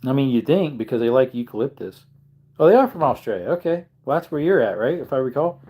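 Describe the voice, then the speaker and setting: Tired male livestream host at mid pitch, yawning, loose and rambling as he reads the chat. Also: animated, fast talker, mellow, slightly rough. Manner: rambling, chuckling, musing aloud. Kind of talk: casual live chat, reading comments.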